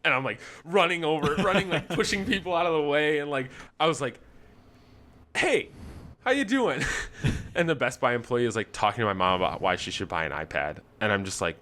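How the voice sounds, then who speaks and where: Young man, podcast co-host, lively storytelling, acts out quotes, medium pitch. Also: fast, few pauses. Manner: animated storyteller acting out quotes. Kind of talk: casual chat, storytelling.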